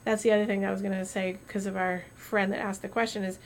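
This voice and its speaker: A woman's voice: mid-range voice, level tone, fast talker, slight background noise. A woman doctor chatting casually on a podcast, telling stories animatedly with metaphors and restarts. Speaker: doctor co-host.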